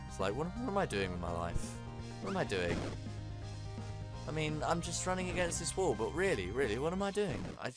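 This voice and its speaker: A man's voice: on the high side, sing-song, brisk. Swearing man ranting over gameplay. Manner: profane, melodramatic ranting. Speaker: gaming channel host. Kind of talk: gameplay commentary. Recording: loud background music.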